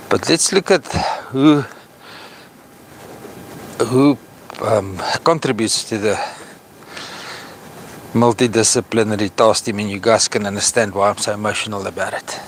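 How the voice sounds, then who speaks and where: A South African man vlogging outdoors at an estuary, speaking earnestly and with feeling, slowing down to stress his points. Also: fairly low pitch, a little hiss or hum. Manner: earnest, impassioned, slow when stressing points. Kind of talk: outdoor vlog commentary.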